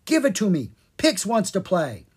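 A reader putting on a bouncy fairy child for a storybook, high and sing-song and full of wild swoops. The voice has a husky, breathy edge. He is demanding, self-absorbed and thinks only of play. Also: huge pitch swings, normal speed, darkish tone, full character voice. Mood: gleeful, demanding. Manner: speaks of himself by name, demanding and playful. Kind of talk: children's audiobook reading.

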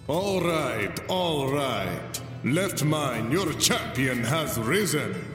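A man voicing a male tribal leader who shouts drawn-out announcements to a crowd. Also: medium pitch, sing-song, echoey room, in a large hall, recorded from a distance, faint music behind, voice pushed up, full character voice. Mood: proclaiming. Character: male tribal leader presiding over a fight.

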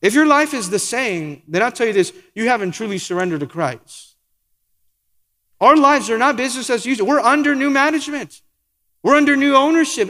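A man's voice: extremely high pitch, fairly bright tone, long reverb tail. A man preaching a sermon as pastor, asking the congregation rhetorical questions and acting out quoted lines.

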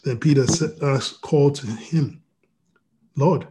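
A pastor reading scripture and preaching over a video call, with frequent restarts and "you know". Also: male voice, mid-range voice, moderate pace, dark tone, a little hiss or hum.

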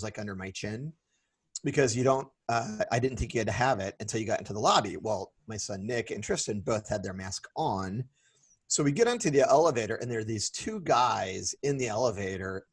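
Husky middle-aged man telling a story. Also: on the low side, brisk. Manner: animated, acts out quoted voices. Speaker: podcast co-host. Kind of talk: casual storytelling chat.

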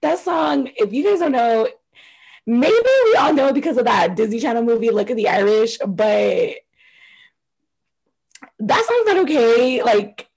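Young woman co-host, breathy higher voice, loose chatty and profane. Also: sing-song, a little slow, pauses often, a little mellow. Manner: chatty, swears freely, laughs often. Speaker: podcast co-host. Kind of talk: casual chat.

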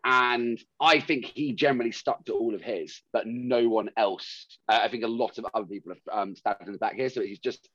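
A man's voice: mid-range voice, normal speed, hardly any pauses, a bit bright, no echo. Man, podcast co-host, chatty, opinionated, dry room, dull mic. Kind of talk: casual podcast chat.

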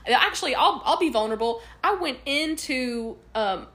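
A woman co-hosting a casual podcast, lively and quick to laugh and jump in. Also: sits high. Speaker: podcast co-host. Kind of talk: casual chat.

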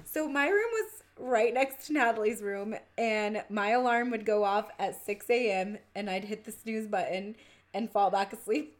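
A middle-aged woman chatting casually, telling family stories in an animated way and laughing often. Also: medium pitch, moderate pace. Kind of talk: casual chat.

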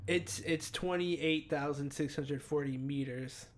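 A man's voice: a little high, fairly even intonation, measured pace. A young American man co-hosting a podcast in casual chat, teasing and profane, cutting in often. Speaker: podcast co-host.

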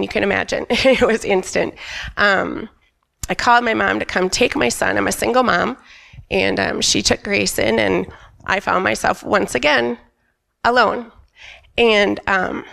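Gravelly, candid woman sharing testimony. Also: medium pitch, a bit bright. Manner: candid, emphatic storyteller who quotes herself. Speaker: church member giving a testimony. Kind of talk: personal testimony at a church service. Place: church stage.

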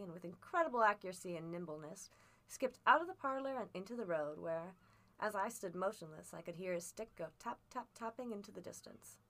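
Woman reader, mid-pitched, measured and expressive storybook narration. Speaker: audiobook reader.

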